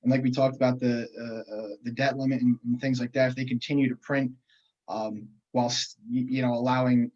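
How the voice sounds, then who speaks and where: A man at an ordinary middle pitch on a somewhat dull, lo-fi recording. He talks through economic questions earnestly as a podcast co-host, often stalling on restarts and fillers. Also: flat delivery, a little fast, darkish tone. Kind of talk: casual economics chat.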